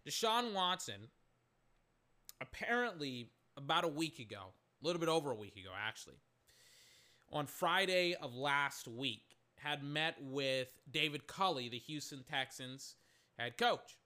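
A man's voice: on the high side, animated, measured pace, sharp tone. A young man rambling through a casual, profane solo sports talk show as its host. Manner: rambling, profane, restarts a lot.

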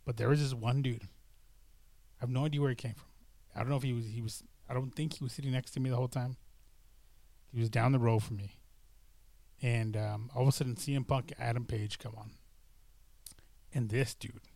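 A man's voice: medium pitch, no room sound. A middle-aged man chatting casually to camera, rambling and hesitant, with many fillers and restarts. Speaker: vlogger. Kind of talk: casual chat.

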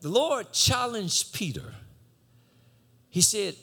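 Preacher man, husky bright voice, shouting then dropping low, animated sermon. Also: takes it slowly, pauses often. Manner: swings from shouted exhortation to low conversational teaching.

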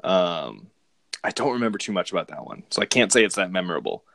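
A man's voice: deep voice, sing-song, fast, gravelly, a bit bright, slight background noise. A man in casual chat, rambling and amused as he recaps movie plots, often restarting his sentences.

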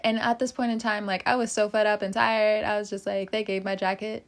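A young woman hosting a podcast, telling a story in a casual, animated way, laughing often and acting out what other people said. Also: mid-range voice, normal speed. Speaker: podcast host.

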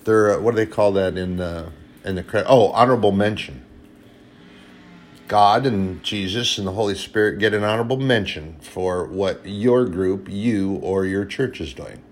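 Low-voiced man preaching earnestly. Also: normal speed. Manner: earnest, plain-spoken, scolding at times. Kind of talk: informal sermon.

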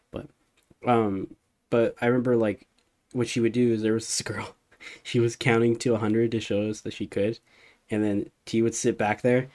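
A man's voice: on the low side, a little mellow. A young man co-hosting a podcast, telling a loose, rambling story in casual chat and laughing along with it. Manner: laughs through his own stories, loose and rambling. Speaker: podcast co-host.

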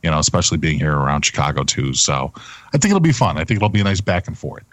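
Co-hosting a casual wrestling chat podcast, a man talks loose and profane and laughs easily. His extremely low voice is sing-song and fast, with no echo.

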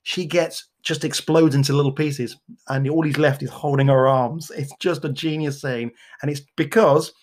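A man's voice: a little high, fairly even intonation, normal speed. A man with a Cockney accent co-hosting a casual podcast, chatting about TV shows with teasing, jokey banter. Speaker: podcast co-host. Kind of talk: casual chat.

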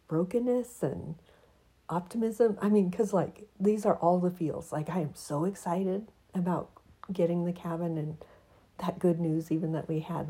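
A woman talking in a soft, heartfelt way about her life and faith, then reading her own writing aloud. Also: fairly low pitch, husky. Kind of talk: personal reflective monologue with reading.

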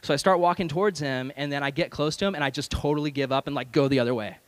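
A young man, a youth pastor, preaching a sermon with personal stories that he acts out with animated voices. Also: on the high side, fast. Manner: animated storyteller acting out scenes.

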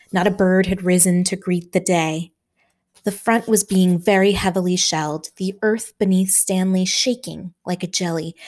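A woman reading a war novel aloud in measured, dramatic narration. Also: on the low side, a little mellow. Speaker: audiobook narrator. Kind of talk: scripted narration.

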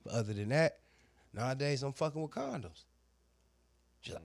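A man, a barber, casually telling a crude story with lots of slang and voiced quotes, animated and loud at times. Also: mid-range voice, moderate pace, creaky, no echo.

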